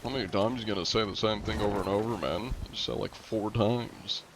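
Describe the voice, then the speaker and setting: A man's voice: lowish voice, fairly quick, noisy background. A young man streaming a game, chatting casually and rambling with lots of fillers. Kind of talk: casual gaming chat.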